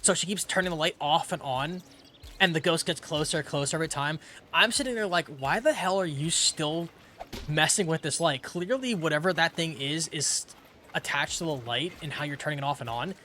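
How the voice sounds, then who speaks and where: Bright-voiced man streaming a game. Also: a little high, fairly quick, slight background noise. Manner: rambling, chatty, reads quest text aloud. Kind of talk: casual let's-play commentary.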